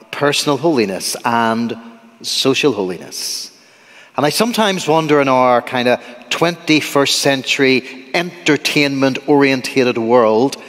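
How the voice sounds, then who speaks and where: A man's voice: mid-range voice, a bit bright. A man with a Northern Irish accent preaching a sermon as a guest, conversational and humorous, quizzing the congregation. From Northern Ireland. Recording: church with long reverb.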